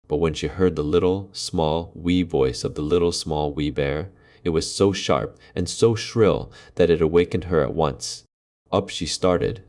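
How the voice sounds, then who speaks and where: A man reading a classic fairy tale aloud in a slow, measured way. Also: sits low, darkish tone. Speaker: storyteller.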